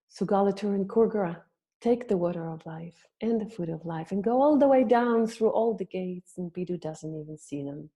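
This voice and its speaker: A woman telling a myth in a gentle, reflective storytelling talk to her group. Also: on the low side, creaky. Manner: gentle, reflective, slow-paced. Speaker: birth story practitioner.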